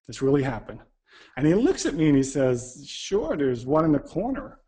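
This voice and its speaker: A man's voice: a little high, big pitch swings, normal speed, mellow. A man giving a talk, telling a self-deprecating story and acting out the quoted dialogue. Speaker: speaker.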